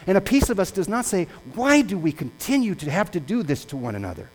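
A male pastor preaching a sermon, impassioned and swinging between loud and hushed. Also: a little high, poor audio.

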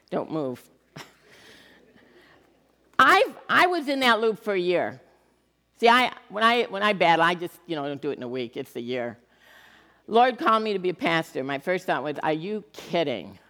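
Woman pastor preaching in a church hall. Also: low voice. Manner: conversational, animated preaching with humor. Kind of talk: sermon. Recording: long reverb of a church hall.

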